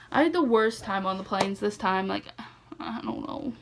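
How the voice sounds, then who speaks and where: A woman's voice: medium pitch, lively intonation, normal speed, a little hiss or hum. A young woman telling a rambling story to camera in a casual vlog, leaning heavily on "like" and "legit" and breaking into laughs, sleepy and yawning. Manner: rambling, heavy use of "like" and "legit", frequent laughs. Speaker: vlogger.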